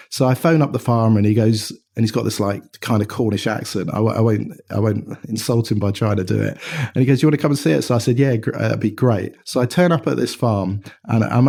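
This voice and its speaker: Mellow-voiced man telling a story. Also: on the low side. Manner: animated anecdotal telling with fillers. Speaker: watch company co-founder, guest. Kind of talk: conversational storytelling.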